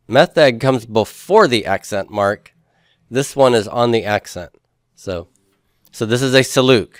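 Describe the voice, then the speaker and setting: A Hebrew instructor leads a grammar class, patiently explaining each step and asking his students questions. His voice is medium-pitched, with clean studio sound and no echo.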